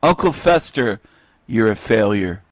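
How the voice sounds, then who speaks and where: A man's voice: lowish voice, lively intonation, a little slow. A man hosting a ranting commentary, scornful and insulting, repeating his phrases over and over. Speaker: channel host reacting to a clip.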